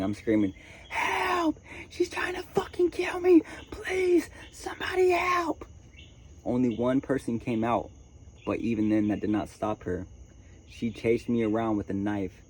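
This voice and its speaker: Outdoors at a tent camp, a vlogger tells a dramatic story straight to his viewers, calling them "chat" and "y'all." His fairly low voice has a darkish tone, with faint crickets and birds behind him and a little hiss or hum.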